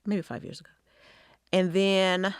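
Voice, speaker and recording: A middle-aged woman hosting a podcast, telling a personal story in a frank, profane, conversational way with quick asides. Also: mid-range voice, little pitch movement, clear, resonant tone, dry recording, clean studio sound. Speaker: podcast host.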